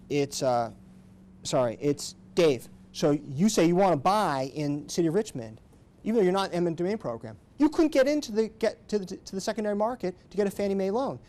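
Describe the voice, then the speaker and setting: A middle-aged man, an attorney, giving an animated seminar talk and acting out the quoted voices as he goes. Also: on the high side. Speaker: attorney speaking at a training seminar.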